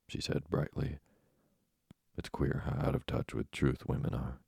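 A man narrating an audiobook in a measured, wry first-person reading. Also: very deep voice, flat delivery, creaky, warm tone, husky, no echo.

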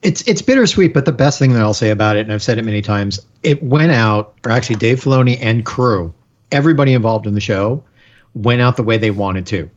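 A man's voice: medium pitch, animated, brisk, dull audio. A man co-hosting a casual podcast, talking emphatically and rambling on. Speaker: podcast co-host.

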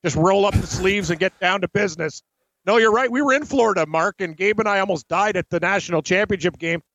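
A high-voiced man co-hosts a sports talk show, chatting easily and chiming in with quick agreement. His sound is dry and a little dull and lo-fi. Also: a bit bright, dry recording. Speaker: sports betting show co-host. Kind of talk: casual chat.

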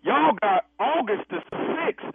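A man's voice: high voice, lively intonation, measured pace, vocal fry, slightly rough, no echo. A man calling in a fury on a phone line, heated and repetitive, making threats. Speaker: angry caller. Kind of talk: prank phone call comedy bit.

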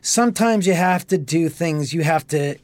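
A man telling a story as a podcast guest, animated and profane, acting out the dialogue. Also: a little high, moderate pace, no echo. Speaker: homeowner guest.

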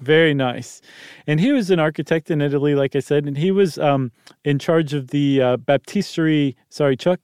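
A man's voice: on the high side, moderate pace, darkish tone, smooth, dry recording. Brief: laid-back male podcast host on a studio mic, rambling explainer, dry close sound. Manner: easygoing, rambling, self-interrupting. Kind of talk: casual explanatory chat.

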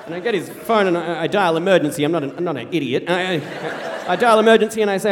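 A man telling a true story live on stage, wry and animated, acting out the voices of the people he quotes. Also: sits high, racing, slight background noise. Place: theater stage before an audience. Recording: reverberant hall.

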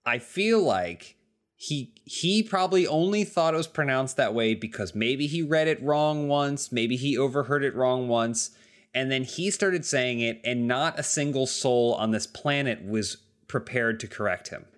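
A man hosting a podcast, chatting in a relaxed way with quick asides. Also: medium pitch. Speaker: podcast host. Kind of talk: casual chat and host-read ad.

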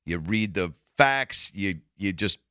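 A man's voice: low voice, animated, takes it slowly, sharp tone, clean tone, no room sound, clean studio sound. A man, a comedian, rambling through a profane, casual monologue full of restarts.

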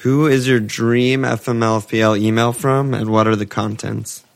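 A man's voice: medium pitch, little pitch movement, normal speed, vocal fry. A man co-hosting a casual podcast, swearing freely, rambling and laughing as he talks. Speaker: podcast co-host. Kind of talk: casual chat.

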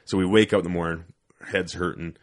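A man with a very deep voice tells a swearing-heavy story from his Army days. The talk is casual and unpolished, full of quick acted-out quotes. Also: steady tone. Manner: profane, with frequent acted quotes. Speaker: guest, former Army sniper.

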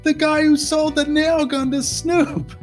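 A man, an actor, reminiscing slowly and haltingly in an old interview clip. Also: extremely high pitch, level tone, soft background music.

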